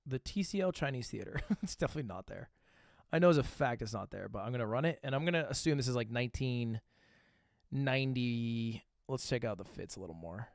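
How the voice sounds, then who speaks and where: Lively, swearing streamer thinking out loud. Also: male voice, medium pitch, creaky, no room sound, studio quality. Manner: thinks aloud, swears casually, quick self-mocking asides. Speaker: livestreamer. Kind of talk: casual livestream commentary while playing a guessing game.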